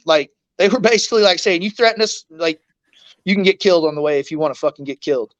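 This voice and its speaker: A man's voice: a little high, fast, no room sound, dull audio. A man, an interview guest telling a painful story in raw, blunt words, swearing often and acting out what others said.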